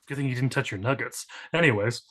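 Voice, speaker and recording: A man's voice: medium pitch, fast, fairly bright tone. A man runs a tabletop game in an easy, chatty way. His voice sits in an ordinary middle range, and he drifts through fillers and restarts as he describes the scene. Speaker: game master.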